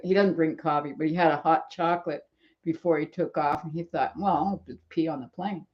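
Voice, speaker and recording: An older woman of seventy talks in a loose, rambling way, slightly low in pitch. She laughs often and slips into the voices of the people she quotes. The recording is dull and lo-fi, as if from a cheap home setup. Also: a little mellow. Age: 70s. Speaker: channel host. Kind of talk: rambling live-stream chat. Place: at home in bed.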